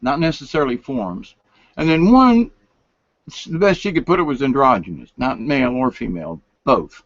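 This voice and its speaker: Older man, folksy late-night rambler, pitch rises and falls a lot, dry close sound. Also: very animated, normal speed, dry recording. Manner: folksy, meandering, drops to whispers. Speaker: vlogger. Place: home room, lights turned down. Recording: dull lo-fi sound.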